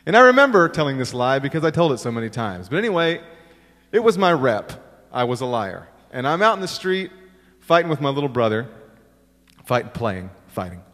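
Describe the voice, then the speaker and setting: Lively male preacher in a reverberant hall. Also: mid-range voice, a little fast. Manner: storytelling, self-deprecating humor with acted-out quotes. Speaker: pastor. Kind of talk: sermon. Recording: long reverb of a large hall.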